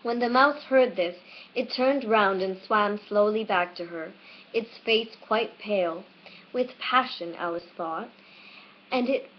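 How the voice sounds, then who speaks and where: A woman's voice: medium pitch, slow. Woman reading a storybook on webcam. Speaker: audiobook reader. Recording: dull lo-fi webcam recording.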